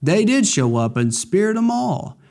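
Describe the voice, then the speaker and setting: A man's voice: sits high, big pitch swings, a little slow, darkish tone. A man giving casual gameplay commentary, recapping the story in a rambling, jokey way full of fillers. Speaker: let's play gamer.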